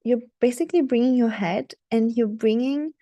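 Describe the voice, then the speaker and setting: In a warm, mellow voice that sits fairly high, a woman coaches her viewers on dating at a moderate pace. This coaching monologue is firm and instructive, circling back over her points while she keeps asking "okay?"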